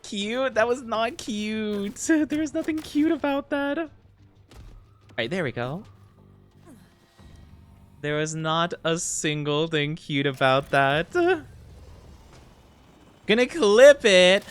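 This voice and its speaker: A playful male streamer talks to his chat from a home setup, his pitch leaping all over the place as he rambles and giggles. The voice is smooth and clean, recorded close on a desk mic. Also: a bit bright. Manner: playful, giggly and rambling, with sudden high squeaks. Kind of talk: casual live-stream chat while gaming.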